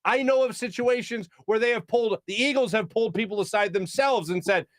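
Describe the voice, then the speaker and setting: Man, sports talk host, sarcastic, opinionated, high pitch, dry close mic. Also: animated, a little fast, dry recording. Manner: opinionated, sarcastic, laughs at his own jokes. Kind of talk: casual sports talk commentary.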